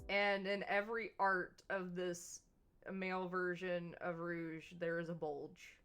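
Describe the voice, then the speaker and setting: A woman's voice: on the low side, flat delivery, takes it slowly, a bit bright. A woman streamer in casual chat on a game stream, giggly and laughing often. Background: background music.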